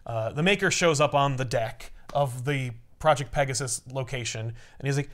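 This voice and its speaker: A man casually recapping a comic story, animated and acting out the characters. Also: medium pitch, brisk, hardly any pauses, smooth.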